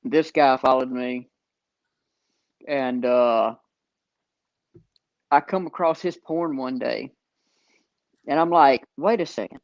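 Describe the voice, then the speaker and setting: A man's voice: mid-range voice, creaky, no room sound, muffled recording. A man with a Southern US accent, telling stories in casual chat with plenty of "uh" fillers. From American South. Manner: slow storytelling with frequent fillers. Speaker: podcast host.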